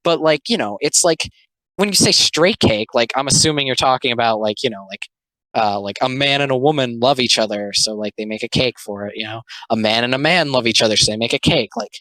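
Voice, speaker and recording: A man's voice: medium pitch, brisk, pushed and bright, no room sound, rough recording. A young man doing a casual commentary video, rambling with lots of fillers and sounding exasperated.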